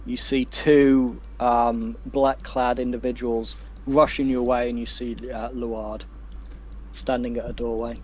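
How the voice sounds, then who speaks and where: A man's voice: mid-range voice, little pitch movement, slight background noise. A man narrating as game master in a casual tabletop game, counting out moves as he goes. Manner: measured, counts movement squares aloud.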